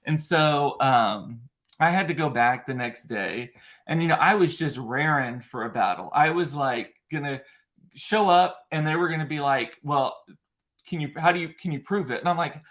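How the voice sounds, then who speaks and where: A middle-aged man, a podcast host, telling a story in casual chat, animated and swearing, acting out the voices of people he quotes. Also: on the high side, moderate pace.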